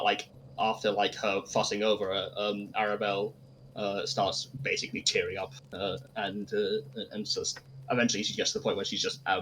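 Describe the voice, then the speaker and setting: Man, game master, low voice, rambling, lots of fillers, faint background hiss. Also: fairly bright tone, low-quality recording. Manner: rambling, many fillers, voices townsfolk in quick bursts. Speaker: dungeon master. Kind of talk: narrating a tabletop game.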